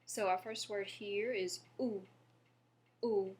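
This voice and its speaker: A woman from Louisiana teaching a French lesson, patiently explaining and pausing to have listeners repeat after her. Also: fairly low pitch, slight background noise. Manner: patient, slows down to model pronunciation and asks viewers to repeat. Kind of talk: language lesson.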